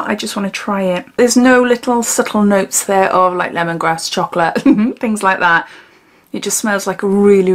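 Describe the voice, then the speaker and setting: A woman chatting casually as she unboxes and sniffs gins, giggling often and dropping into whispers. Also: mid-range voice. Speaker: beauty vlogger.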